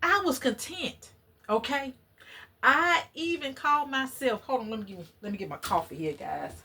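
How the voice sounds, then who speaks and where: A woman's voice: high-pitched, animated, normal speed, bright, forceful tone, a little hiss or hum. A woman vlogger in casual, preachy chat with her viewers. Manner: chatty, preachy, talks to viewers as y'all. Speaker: channel host.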